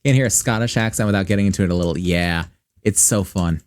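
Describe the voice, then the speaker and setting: Deep-voiced and fast-talking, a Michigan man with a general Midwestern accent chats loosely while streaming a game. He wanders from thought to thought out loud and swears plenty.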